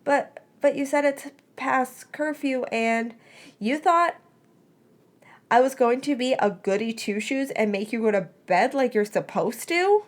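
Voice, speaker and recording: A woman's voice: sits high, expressive, a little slow, pitched above the performer's own voice. A woman voicing a teenage witch girl who is sulky and tearful, snapping back as she speaks. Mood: bickering.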